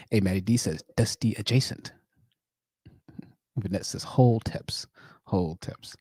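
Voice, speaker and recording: A man's voice: fairly low pitch, moderate pace, long pauses, mellow, slightly rough, no room sound, in a whisper, clean studio sound. A man hosting a casual livestream, reading viewer comments in a laid-back way and acting out friends' voices. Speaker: livestream host.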